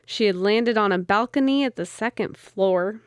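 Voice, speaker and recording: A woman co-hosting a podcast, telling a story at a mid pitch and a relaxed pace with plenty of ums between facts. The sound is dry and close to the mic, with no room at all. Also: moderate pace, clean tone, dry recording. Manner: narrates from notes with many ums, laughs easily. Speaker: podcast co-host. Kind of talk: casual chat, storytelling.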